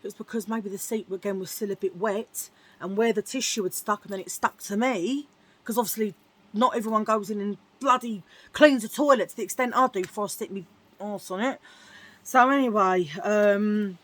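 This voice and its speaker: A woman telling a story to camera in a frank, rambling, animated chat. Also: medium pitch, moderate pace. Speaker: beauty vlogger. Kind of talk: casual chatty storytelling.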